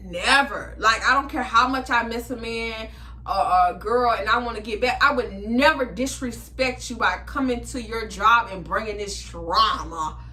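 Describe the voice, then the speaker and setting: A young woman vlogger telling a storytime to her viewers, animated and blunt, swearing freely and talking straight to them. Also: on the high side, moderate pace. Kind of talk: storytime chat to camera.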